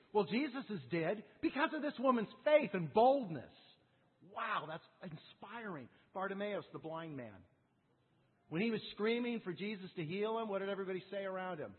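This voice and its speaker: A man's voice: high-pitched, animated, moderate pace, slightly rough. A man preaching a sermon, firing off rhetorical questions and acting out the quotes himself. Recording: phone-like sound with long reverb.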